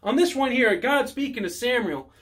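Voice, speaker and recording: A man putting on an odd accent as a calm Sunday-school teacher, telling Bible stories to children in a kids church lesson. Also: normal speed. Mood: storytelling. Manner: low, mellow storytelling.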